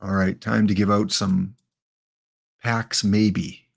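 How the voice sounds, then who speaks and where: A man's voice: fairly low pitch, flat delivery, takes it slowly, vocal fry, slightly rough. A man hosting a live game stream, chatting casually with viewers by name and reading out the rules.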